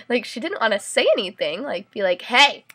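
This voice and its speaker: A woman's voice: a little high, very animated, moderate pace, husky. A young woman vlogger telling a story to her camera in a chatty way, full of fillers and "like"s. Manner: chatty, many fillers and "like"s, indignant rant.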